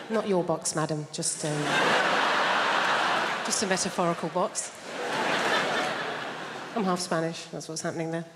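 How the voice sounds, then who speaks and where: Brash, chatty female stand-up, in a long hall echo. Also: fairly low pitch. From England. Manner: brash, chatty, teasing the audience. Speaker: stand-up comedian. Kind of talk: stand-up comedy. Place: large theatre stage. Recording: reverberant theatre with loud noise.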